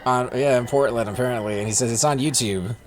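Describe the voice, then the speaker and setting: A man's voice: mid-range voice, fast talker, crowd noise. Laid-back man joking over game chat. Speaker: gaming channel host. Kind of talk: casual chat while playing a game. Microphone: desk microphone.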